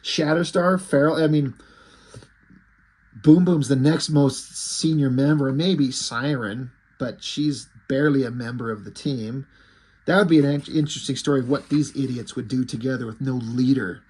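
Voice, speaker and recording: A man with a husky, breathy edge to his voice recaps a comic book in a relaxed, chatty way. His pitch sits in the middle of the range. He is irreverent and freely profane, slipping into quick impressions of the characters' dialogue.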